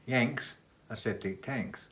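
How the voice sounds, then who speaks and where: A man's voice: mid-range voice, slow, a bit bright. An Australian man answering questions at home for a casual home video, with dry, joking understatement. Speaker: interviewee. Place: living room of a home.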